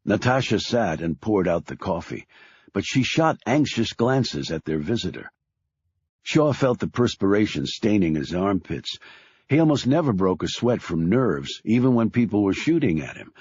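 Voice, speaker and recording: A man narrating a thriller audiobook in a measured storytelling way. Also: deep voice, a little mellow, slightly rough, no echo, lo-fi sound.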